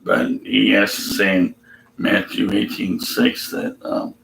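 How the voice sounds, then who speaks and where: Gravelly, profane, sarcastic man. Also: deep voice, flat delivery, slow pace, fairly bright tone, roomy sound, poor audio. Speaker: atheist video commentator. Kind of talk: ranting commentary reading scripture.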